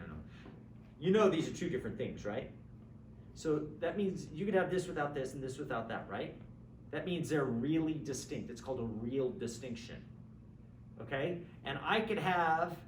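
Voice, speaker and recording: A man teaching an introductory philosophy class in a conversational, lively way, acting out examples and checking in with students. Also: on the high side. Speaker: philosophy lecturer. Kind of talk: classroom lecture. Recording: roomy, distant mic with faint background hum.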